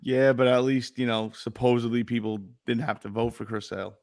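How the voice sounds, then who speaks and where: A man's voice: medium pitch, steady tone, fairly quick, gravelly, a little mellow. A man co-hosting a casual sports podcast, going off on profane comic rants. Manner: profane, ranting comic riffs. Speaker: podcast co-host.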